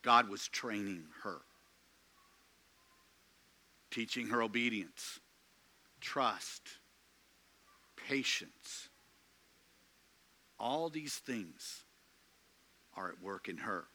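A man preaching a sermon from the pulpit, slow and emphatic with dramatic pauses. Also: fairly low pitch, sharp tone. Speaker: pastor.

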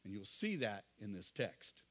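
A middle-aged male pastor preaching a sermon, earnest, often asking the congregation questions and dropping to quiet asides. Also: fairly low pitch, sing-song, measured pace.

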